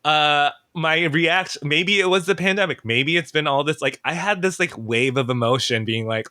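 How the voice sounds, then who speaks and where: A man's voice: a little high, moderate pace, bright, forceful tone, no echo, studio quality. A man guest on a podcast, chatting casually in an emotional, rambling way and second-guessing himself. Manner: emotional, rambling, self-questioning. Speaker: podcast guest, entertainment writer.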